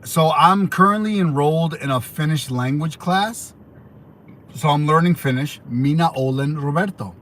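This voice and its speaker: A man's voice: fairly high pitch, normal speed, fairly bright tone, slight background noise. Rambling American man on a livestream. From United States. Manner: rambling, conversational, many fillers and restarts. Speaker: livestream host. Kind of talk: casual livestream chat reading viewer questions.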